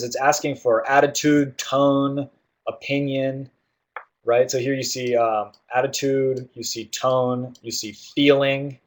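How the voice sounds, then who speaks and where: A male tutor walking students through reading question types, explaining in an easygoing way with many fillers and "right?" checks. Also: mid-range voice. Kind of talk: guided test-prep walkthrough.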